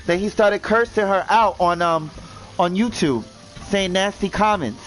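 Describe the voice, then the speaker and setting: A man's voice: sits high, unhurried, fairly bright tone, faint music behind, poor audio. A man ranting indignantly in casual commentary, swearing and repeating himself as he stumbles over words. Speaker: gaming vlogger.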